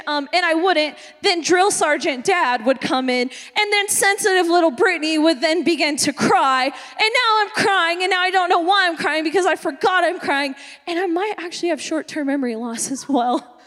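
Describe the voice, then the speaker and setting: A young woman pastor preaching a comedic, self-mocking sermon, animated and full of quick asides. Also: extremely high pitch. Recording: long hall reverb.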